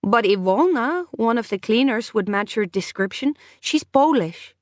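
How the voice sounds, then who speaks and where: A woman voicing a young female ship hostess who speaks in a brisk, polite and firm way. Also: on the high side, animated, no echo, studio quality, voice pushed up. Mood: politely firm.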